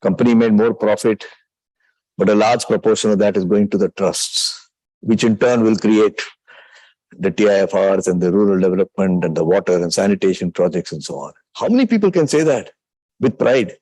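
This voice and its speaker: A man's voice: on the low side, brisk, mellow, no echo, rough recording. An older man with an Indian accent giving a public lecture, reflective and full of anecdotes, now and then slipping in Hindi phrases. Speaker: guest speaker, retired business executive.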